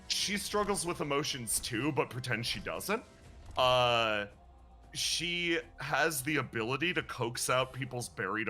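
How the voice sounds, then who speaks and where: A man chatting casually as a streamer, animatedly retelling a game's story and laughing now and then. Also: mid-range voice. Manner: animated, laughs and breaks into playful character voices. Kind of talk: casual chat recapping a game story.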